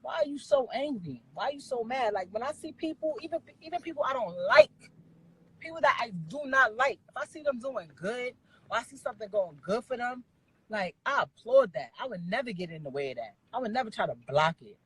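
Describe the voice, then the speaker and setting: Husky-voiced woman ranting bluntly. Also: on the high side, lively intonation, a little fast, no room sound, rough recording. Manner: blunt, profane, scolding; repeats phrases for emphasis. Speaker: livestreamer talking to viewers. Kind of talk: heated rant on a live stream.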